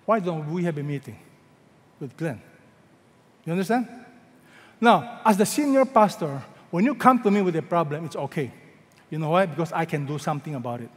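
A middle-aged Filipino-accented man preaches a sermon with a high voice. He fires questions at the congregation and draws scripture quotes out slowly. His voice rings with the long reverb of a large church hall. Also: animated. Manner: calls out questions for the congregation to answer; slows right down when quoting scripture. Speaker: senior pastor.

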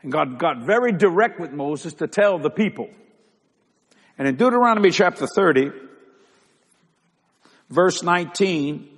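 An older man with a high voice preaches from the pulpit and climbs into loud, drawn-out emphasis on key words. He calls out to the congregation for answers, and his voice rings with the long reverb of a big hall. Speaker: pastor. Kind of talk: sermon.

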